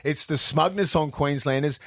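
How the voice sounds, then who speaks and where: A man's voice: fairly high pitch, moderate pace, no room sound, studio quality. An Australian man in his forties, co-hosting a podcast in casual sports chat, telling stories with plenty of swearing. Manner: swearing, animated storytelling. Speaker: podcast co-host.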